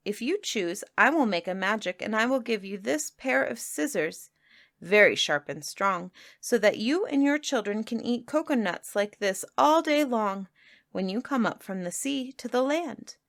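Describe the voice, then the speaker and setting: A calm, helpful little girl in a storybook, spoken gently and evenly, as a woman reads her lines. The voice stays near the reader's own, in a dry, close recording. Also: on the high side, moderate pace, no echo.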